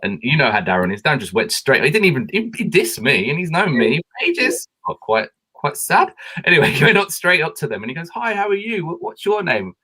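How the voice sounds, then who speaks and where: A man who works as a producer, telling animated stories and laughing often as a webinar guest over a video call. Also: mid-range voice, fairly quick, breathy edge.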